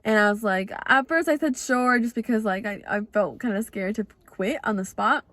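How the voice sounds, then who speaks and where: Speaking at a normal speed in a slightly high, somewhat bright voice, a young woman hosting her own podcast recounts a personal story. She's chatty and confessional, says "like" constantly and often acts out her past words, all on a dry recording.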